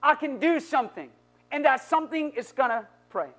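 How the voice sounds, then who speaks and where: A male pastor delivering a sermon, moving from quiet, low passages to loud, building exhortation. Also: lively intonation, moderate pace. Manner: dynamic preaching, dropping low then building to shouts.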